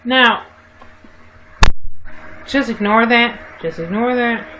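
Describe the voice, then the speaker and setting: Slow-talking woman rambling to her livestream. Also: on the high side, background noise. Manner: rambling, frequent self-corrections and restarts. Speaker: livestream vlogger. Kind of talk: casual rambling monologue to viewers.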